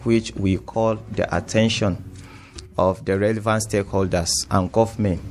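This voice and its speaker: A man, a community leader speaking as a studio guest in a formal, measured way. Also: lowish voice, fairly even intonation, darkish tone. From Nigeria. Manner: formal, measured account of events.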